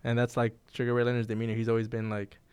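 A man's voice: medium pitch, completely flat delivery, racing, darkish tone, clean tone, no echo. A man co-hosting a boxing podcast in casual chat, laid-back and trailing off, swearing now and then. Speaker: podcast co-host.

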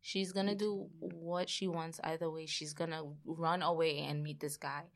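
Woman co-host, lowish voice, expressive, slangy storyteller who swears. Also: normal speed. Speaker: podcast co-host. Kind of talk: casual chat.

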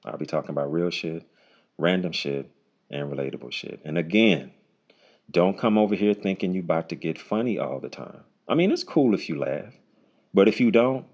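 A man hosting his own unscripted solo podcast, talking bluntly and casually with lots of swearing, his voice jumping high when he jokes. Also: expressive, moderate pace, darkish tone, highs cut off. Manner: voice jumps high when joking. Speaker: podcast host. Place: home recording, unedited.

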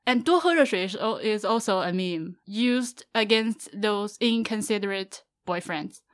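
A woman's voice: mid-range voice, animated, measured pace. A woman guest on a podcast, chatting casually and laughing often. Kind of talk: casual chat.

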